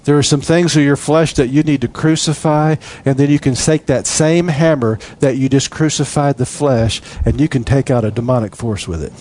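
A man preaching a sermon in an animated way, acting out voices and laughing as he goes. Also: medium pitch, normal speed, few pauses. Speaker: pastor.

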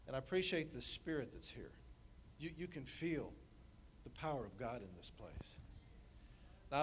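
A man preaching as guest speaker in a church, relaxed, with joking asides to the congregation. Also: medium pitch, slight background noise. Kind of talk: sermon. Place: church sanctuary.

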